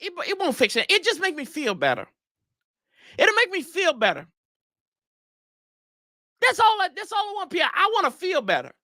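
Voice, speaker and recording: A man's voice: very high voice, pushed and bright, no room sound, clean studio sound. A man hosting a casual sports show, ranting in a rambling, exasperated way with slangy asides to his viewers. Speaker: sports podcast host.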